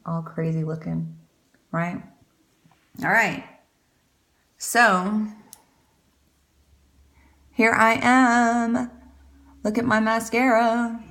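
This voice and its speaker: A woman's voice: medium pitch, pushed and bright. A woman chatting casually through a makeup tutorial, rambling and poking fun at herself. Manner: chatty, rambling, self-deprecating. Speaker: beauty vlogger.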